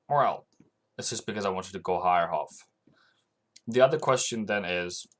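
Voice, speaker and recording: Male streamer, low-ish voice, loose unscripted market commentary with clicking keys. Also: fairly bright tone. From Norway. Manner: loose and rambling, talking to chat while working through charts. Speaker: forex trading livestream host.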